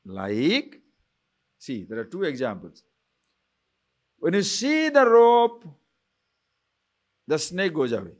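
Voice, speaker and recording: A man speaking leads a spiritual lecture in a fairly high, very animated voice. He keeps putting rhetorical questions to his listeners and chuckles along the way. Now and then he slows right down to chant Sanskrit phrases. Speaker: spiritual teacher.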